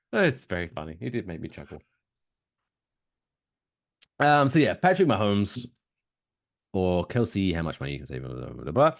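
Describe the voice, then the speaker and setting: A man's voice: low voice, sing-song, normal speed, creaky, pauses often, no room sound, clean studio sound. A man co-hosting a casual comedy podcast, playful and prone to silly voices and announcer calls. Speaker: podcast co-host. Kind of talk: casual chat.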